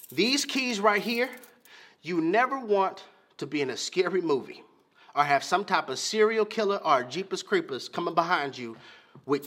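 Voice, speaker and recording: A man delivers a sermon with a high, bright, cutting tone and a husky edge. His pitch swings widely as he presses his points, repeats key lines and calls out to the congregation. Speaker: pastor. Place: church.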